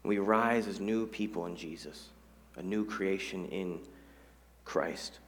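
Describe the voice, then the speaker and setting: A man's voice: mid-range voice, a little hiss or hum. A male pastor preaching in church, in a conversational way with joking asides, repeated key phrases and questions to the congregation. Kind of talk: sermon.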